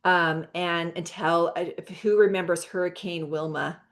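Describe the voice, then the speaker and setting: Chatty American woman with a lowish voice. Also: fairly even intonation, a little slow. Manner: chatty, many fillers and restarts. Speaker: host of a product presentation call. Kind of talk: enthusiastic product pitch. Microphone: video call.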